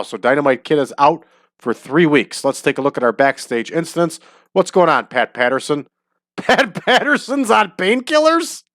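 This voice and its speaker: A man's voice: mid-range voice, a bit bright, no echo, studio quality. A man hosting a casual let's-play of a wrestling booking game, upbeat and chatty, often breaking into laughter. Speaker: host.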